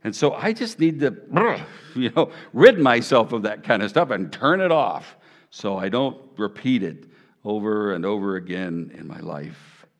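A middle-aged man, preaching a sermon in an animated, conversational way. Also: on the low side, measured pace, in a large hall. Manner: animated, conversational preaching with sound effects and jokes. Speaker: pastor.

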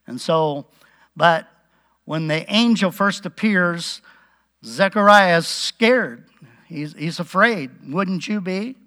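A man preaching a relaxed Bible-teaching sermon, chuckling now and then and acting out the quotes. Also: sits high.

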